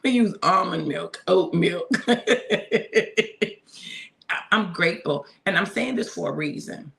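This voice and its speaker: A woman's voice: on the low side, expressive, slow, gravelly, fairly bright tone. A middle-aged woman giving a casual spiritual talk to her listeners, repeating phrases for emphasis and speaking to them directly. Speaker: minister sharing a devotional.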